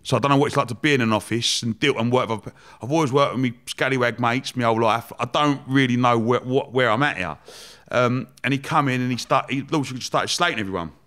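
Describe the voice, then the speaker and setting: A man telling stories as a podcast guest, animated, laughing often and swearing freely. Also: mid-range voice, quick pace. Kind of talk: casual storytelling chat.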